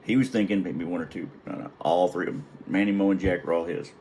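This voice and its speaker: Rambling, wry middle-aged man with a low voice. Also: quick pace, darkish tone, low-quality recording. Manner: rambling, wry and profane, chuckling at his own story. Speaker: retired Navy chief telling a story. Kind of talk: casual anecdote.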